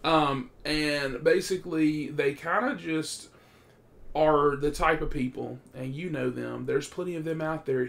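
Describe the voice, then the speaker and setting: This man reviews a movie casually and profanely, getting excitable and animated and bursting out loudly when worked up. His voice sits fairly high and has a creaky texture.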